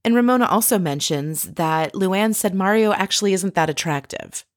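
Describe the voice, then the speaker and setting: A woman's voice: mid-range voice, normal speed, no room sound, clean studio sound. A woman giving a chatty, opinionated recap of a reality TV episode, telling it like a story.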